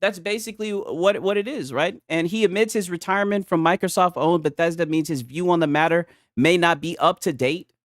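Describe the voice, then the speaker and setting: A man's voice: high-pitched, fairly quick, few pauses, no room sound, clean studio sound. Slangy, joking young man streaming live. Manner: loose and joking, slangy, talks to chat, many "right?" tags. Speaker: streamer reacting to gaming news and chat. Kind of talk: casual livestream commentary.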